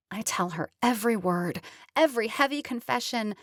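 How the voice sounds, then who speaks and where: A woman narrating a romantic comedy audiobook in the first person, lively and chatty. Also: mid-range voice, moderate pace, slightly rough, dry recording, clean studio sound.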